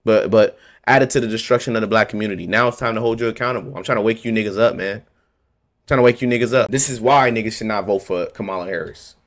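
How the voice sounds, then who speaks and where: A man's voice: fairly low pitch, quick pace. A man ranting to camera about politics, heated and confrontational, hammering his points by repeating them in blunt street slang. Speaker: vlogger.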